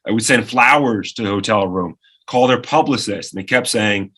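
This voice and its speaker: Radio co-host in his forties, animated storyteller; bright, slightly husky voice. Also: fairly low pitch, normal speed. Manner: animated storyteller who acts out quoted voices. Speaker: radio co-host and producer, podcast guest. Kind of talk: lively anecdote-telling in conversation.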